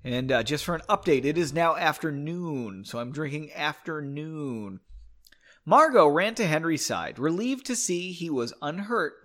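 Lively man reading his own story. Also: medium pitch. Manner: joking asides and chuckles, sipping a drink. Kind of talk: reading aloud with casual commentary.

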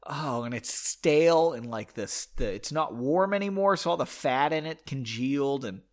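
A man's voice: fairly high pitch, very animated, moderate pace, hardly any pauses, fairly bright tone. Rambling self-mocking podcast guy. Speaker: podcast host reading his own book. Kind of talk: casual podcast commentary.

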